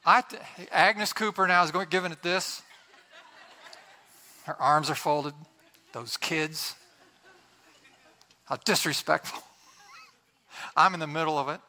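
A middle-aged man preaching, telling a funny church story in an animated way, laughing as he goes. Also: fairly high pitch, normal speed, pauses often. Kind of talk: sermon with a humorous story.

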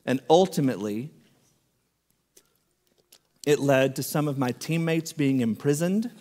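A man's voice: medium pitch, big-room sound. A man preaching a sermon, telling a story and acting out what each person said. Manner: animated storyteller, acts out quoted speech.

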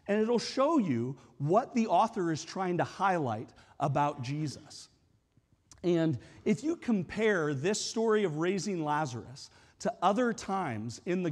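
A man's voice: high-pitched, in a large hall. A man preaching a sermon as a pastor, casual and conversational, acting out the lines he quotes.

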